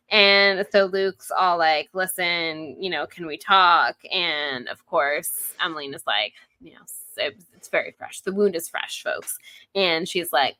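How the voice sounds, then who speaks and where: A woman's voice: fairly low pitch, unhurried, bright, forceful tone, no echo. A woman co-hosting a podcast about a book, retelling the chapter casually and acting out the characters' lines. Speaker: podcast co-host. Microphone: headphones and studio mic.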